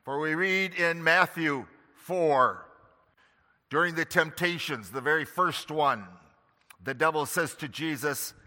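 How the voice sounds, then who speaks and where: A man preaching a sermon slowly and emphatically, pressing hard on key words. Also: a little high, bright, forceful tone, big-room sound. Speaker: pastor.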